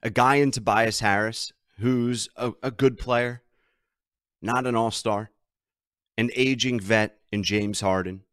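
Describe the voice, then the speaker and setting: A man's voice: mid-range voice, steady tone, slow pace, a bit bright, clean tone, dry recording, studio quality. A man hosting a sports betting podcast, ranting and emphatic as he talks through his team's troubles. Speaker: podcast host.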